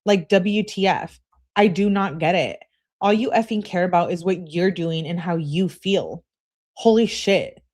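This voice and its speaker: A woman's voice: lowish voice, measured pace, a little mellow. A woman reading aloud as an upset teenage girl, clingy and indignant, complaining in an exasperated way. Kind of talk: reading text messages aloud.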